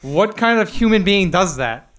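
A man's voice: animated, normal speed, fairly bright tone. A young man telling restaurant stories in casual chat, laughing often and acting out quotes. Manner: laughing storyteller, acts out quotes in a higher voice.

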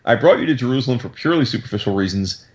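A man's voice: medium pitch, expressive, very fast, lo-fi sound, lightly acted. A man voicing a stern, imposing older male mutant leader who speaks in a curt, commanding way.

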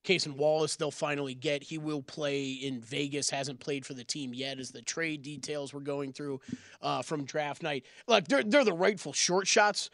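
A woman co-hosting a sports betting show, chiming in with quick banter in a studio. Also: low-pitched, no room sound. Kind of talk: casual studio chat.

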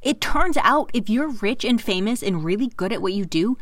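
A young woman co-hosting a casual chat, telling a story in an animated way and swearing freely. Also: mid-range voice, normal speed, no echo. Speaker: podcast co-host, storyteller.

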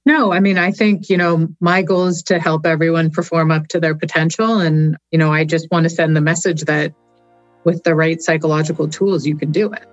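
A woman being interviewed as a guest, upbeat and quick to laugh. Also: low-pitched, fairly even intonation, no echo, lo-fi sound, faint music behind. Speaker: guest, cognitive scientist. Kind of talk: casual interview chat.

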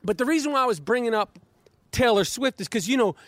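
A man's voice: very high-pitched, lively intonation, fast, fairly bright tone, no room sound. A man hosting a casual podcast from his backyard, rambling and profane, with lots of stammering restarts. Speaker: podcast host. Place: backyard, outdoors. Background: dog barking.

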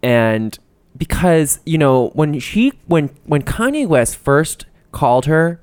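A man's voice: on the high side, sing-song, slow pace, a little mellow, clean tone, dry recording. A man chatting casually as a podcast co-host, rambling and heated, swearing when worked up. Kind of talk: casual chat about celebrity gossip.

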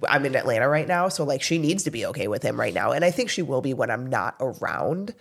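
A woman co-hosting a casual podcast, talking in a lively, animated way that swings widely in pitch. She is in her thirties and tells stories with quick asides and bursts of laughter. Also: creaky, husky. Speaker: podcast co-host. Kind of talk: casual chat.

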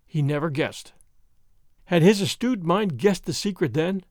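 A man's voice: fairly high pitch, lively intonation, unhurried, darkish tone, no echo, studio quality. A man narrating a storybook in a dramatic, theatrical reading. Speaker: audiobook narrator.

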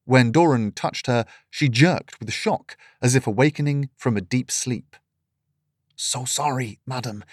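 A man's voice: medium pitch, a little slow, hardly any pauses, dry recording. Man narrating a storybook in a dry close voice.

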